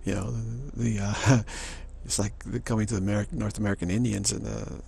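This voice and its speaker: A man with a gravelly, fairly low voice talks through a rambling spiritual monologue. He tells it like an animated storyteller, repeating words and restarting his sentences. A faint hiss sits under the recording. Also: a little fast. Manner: repetitive, restarts often. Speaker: spiritual speaker.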